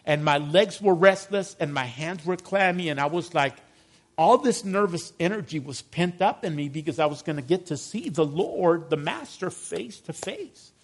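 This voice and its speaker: Higher-voiced middle-aged male pastor preaching. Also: animated, normal speed. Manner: conversational, addresses congregation with call-and-response questions. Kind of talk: sermon.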